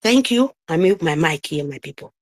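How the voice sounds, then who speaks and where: A woman's voice: on the low side, animated, normal speed. A middle-aged woman, giving an impassioned, scolding speech on a live audio call, emphatic and repetitive.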